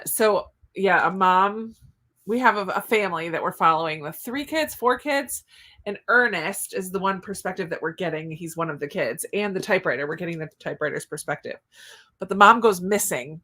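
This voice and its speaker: A woman's voice: fairly low pitch, fairly bright tone. Chatty woman hosting a reading livestream. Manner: chatty, reads comments aloud, giggly asides. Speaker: booktube livestream host. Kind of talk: casual reading-sprint chat.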